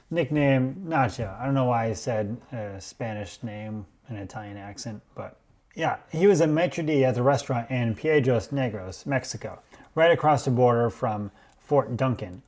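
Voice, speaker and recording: Male podcast host, measured storyteller, mid-pitched voice. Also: darkish tone. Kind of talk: scripted explainer podcast.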